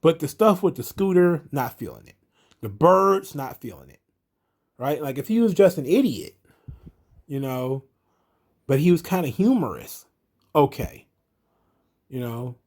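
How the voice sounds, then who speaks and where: A man's voice: a little high, lively intonation, measured pace, long pauses, darkish tone. Profane, rambling man ranting about wrestling. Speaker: wrestling commentary host. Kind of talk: casual ranting commentary.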